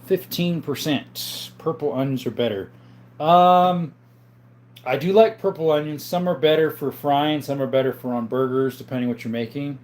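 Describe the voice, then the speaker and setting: A man's voice: fairly high pitch, moderate pace, a little mellow. A middle-aged man hosting a casual livestream on his phone. He chats, laughs often and reads viewer comments aloud. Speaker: livestream host.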